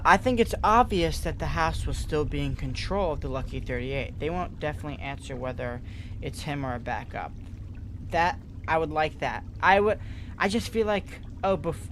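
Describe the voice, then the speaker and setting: A man talks loosely and chattily while streaming a game, reacting to viewer messages as he plays. His voice sits a little high. A steady bed of noise runs under the recording. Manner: chatty, reads viewer comments aloud. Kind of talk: casual live-stream chat while gaming.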